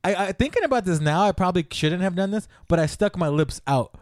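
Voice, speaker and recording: A man casually telling a story on a podcast, animated and profane, laughing often. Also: sits high, quick pace, dry recording, clean studio sound.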